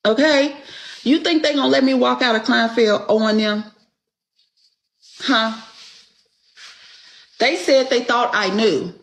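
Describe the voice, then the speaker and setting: A woman speaks unhurriedly in a slightly high voice, telling a personal story in casual, profane talk. She sounds indignant, acts out the people in her story, and keeps checking in with a rhetorical "Okay?". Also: measured pace, pauses often, poor audio. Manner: acts out quoted dialogue.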